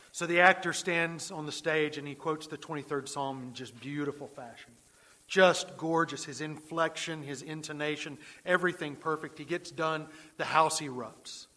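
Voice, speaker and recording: A man's voice: on the high side, sharp tone. A male pastor preaching a sermon, telling a story earnestly and often repeating words as he builds his point.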